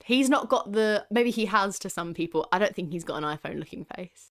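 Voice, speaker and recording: A young woman from the UK co-hosting a film podcast in casual chat, eager and animated. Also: mid-range voice, fairly quick. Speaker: podcast co-host.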